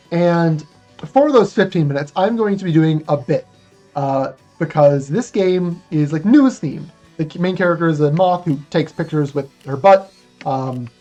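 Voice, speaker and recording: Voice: mid-range voice, a little mellow, muffled recording. Rambling, chatty speedrunner. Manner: rambling and chatty, with many fillers. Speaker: speedrunner submitting a run. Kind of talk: casual game commentary.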